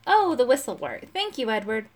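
A woman's voice: on the high side, wildly swooping pitch, normal speed. A woman doing a fussy, absent-minded old wizard. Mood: distracted. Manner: distracted and fussy.

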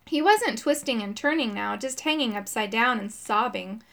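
Expressive woman reading a children's book. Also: a little high, normal speed, gravelly. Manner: expressive, voicing characters. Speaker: audiobook narrator.

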